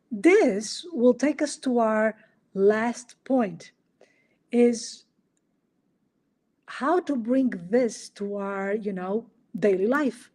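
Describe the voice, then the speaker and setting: A woman hosting a solo podcast in an animated coaching style, asking rhetorical questions and making small grammar slips. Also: mid-range voice. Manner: animated, acts out little dialogues, asks rhetorical questions. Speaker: podcast host.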